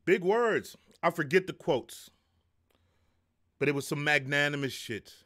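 A middle-aged man hosting a casual live stream, his pitch swinging up and down as he talks. He jokes, curses freely and reads viewers' chat aloud. His voice sits a little high for a man. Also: animated, a little slow, a bit bright. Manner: loose, profane, joking, reads chat aloud. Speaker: live show host.

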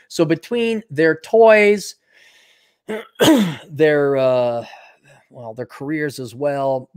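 Brief: a male commentator with a slightly high voice that is wearing thin, blunt and sardonic, talking off the cuff. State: losing his voice. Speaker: video commentator. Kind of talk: casual unscripted monologue.

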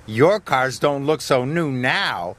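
A man's voice: mid-range voice, animated, slow pace, a bit bright. A man voicing a proud, boastful male engine who talks in a smug way in a cartoon.

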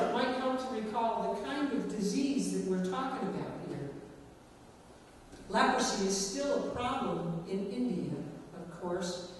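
A woman delivers a sermon at an unhurried, deliberate pace, leaning on dramatic pauses. Her voice sits at a middle pitch and comes from well back in a large, reverberant church. A long hall echo trails every phrase, with faint room noise under it. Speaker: preacher. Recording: echoey church hall, recorded from far off.

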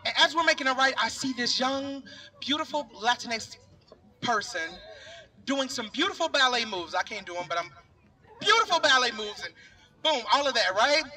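A man's voice: very high voice, lively intonation, normal speed, pushed and bright. A middle-aged man giving an impassioned speech at an outdoor rally, talking straight to the crowd in a casual, earnest way. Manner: earnest, talks directly to the crowd with "y'all". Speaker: speaker at a rally. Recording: voice picked up from a distance.

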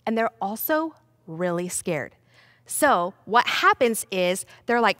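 A young woman teaching a children's Bible lesson, playful and animated, talking straight to the kids. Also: medium pitch, measured pace, dry recording, studio quality.

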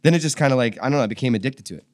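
A man talking as a musician guest in a casual podcast interview, animated, acting out what people said. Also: mid-range voice, rapid-fire, no room sound, studio quality. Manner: animated storyteller, acts out quotes.

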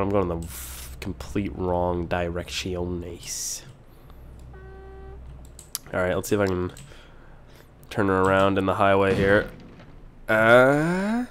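A young man giving casual let's-play commentary as a gaming host, rambling to himself, excitable and swearing often. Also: deep voice, slight background noise.

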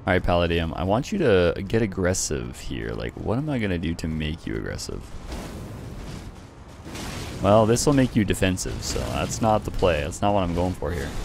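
A young man commentating his own gameplay at a desk mic, teasing his opponents playfully and laughing gleefully. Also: low voice. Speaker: gaming YouTuber.

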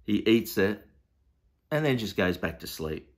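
A man's voice: on the low side, very animated, unhurried. A man teaching a Bible study in a loose, conversational way, with frequent fillers and restarts. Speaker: preacher.

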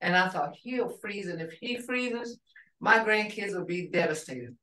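An older woman teaching a language class, telling a family story in a rambling, warm-hearted way with restarts. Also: medium pitch, lively intonation, measured pace, distant mic. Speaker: language instructor. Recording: roomy sound from off the mic.

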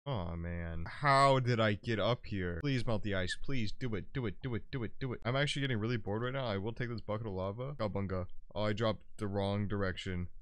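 A young man giving crude, joking running commentary while playing a game, with sudden loud outbursts. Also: lowish voice, brisk, few pauses, clear, resonant tone, no echo. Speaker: gaming YouTuber. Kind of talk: casual gameplay commentary.

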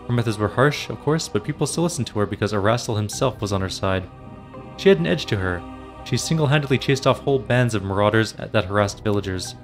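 A man hosting a game playthrough, reading the story text aloud in a steady storytelling way. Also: fairly low pitch. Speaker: let's play host.

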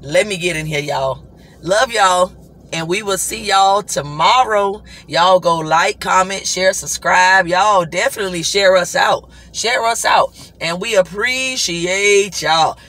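A man hosting a casual devotional vlog, talking to viewers in an animated, repetitive way and now and then breaking into song. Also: sits high, slow. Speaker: vlog host.

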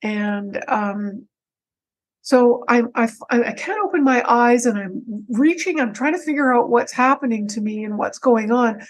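A woman guest on a podcast, telling a personal story in an animated way, with frequent restarts and repeated words. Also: on the high side, measured pace, rough recording. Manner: animated, breaks into her own quoted speech.

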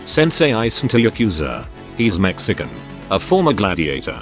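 A man's voice: sits low, big pitch swings, normal speed, faint music behind. A synthetic male text-to-speech voice reading the lines of a nervous, polite young man in a story, with no acted voice of its own.

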